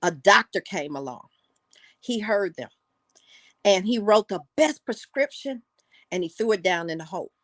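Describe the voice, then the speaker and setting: A woman's voice: mid-range voice, animated, normal speed, long pauses, dry recording. An older woman, a guest on a talk show, talking casually and telling a folksy story with repeated words for emphasis.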